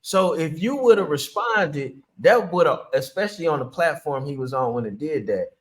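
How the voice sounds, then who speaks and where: A man's voice: on the high side, expressive, normal speed. A man who is the host of a casual interview, laid-back, often chiming in to agree with his guest.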